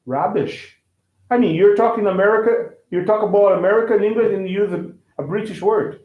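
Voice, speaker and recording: Male teacher, slightly high-pitched, repetitive, on an echoey phone-quality line. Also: fairly quick. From Brazil. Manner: repetitive, restarts phrases and checks with "right?". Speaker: language teacher. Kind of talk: casual online lesson.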